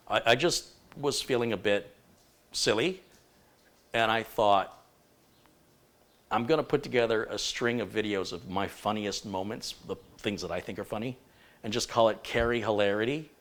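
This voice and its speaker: A man's voice: lowish voice, a bit bright. A man hosting a casual livestream, joking and rambling as he reads out viewer greetings. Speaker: livestream host.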